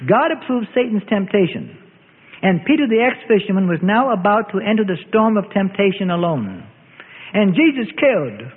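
A man's voice: sits high, sing-song, normal speed, breathy edge. A man narrating a Bible story in a solemn scripted style, with old-fashioned phrasing. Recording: tinny phone-like audio with long reverb.

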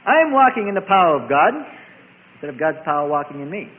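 A high-pitched man preaches with a lively voice that swings up and down, hammering his points through repeated contrasting phrases. The sound is thin and tinny, like a sermon heard over a phone line. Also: quick pace.

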